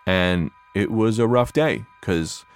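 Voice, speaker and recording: A young man from New Jersey tells a personal story casually and conversationally, getting animated when he relives what he said. His pitch is fairly low, his pace slow and his tone clean, with music underneath.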